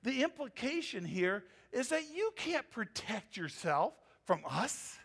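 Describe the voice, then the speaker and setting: High-voiced pastor preaching with emphatic swings. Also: male voice, sing-song, slow, vocal fry, a bit bright, husky. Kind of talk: sermon.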